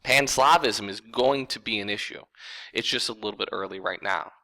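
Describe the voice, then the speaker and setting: A man's voice: lowish voice, moderate pace, sharp tone, low-quality recording. A man teaching a history lecture in a casual, conversational way, talking straight to his viewers. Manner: conversational, informal, addresses viewers as folks.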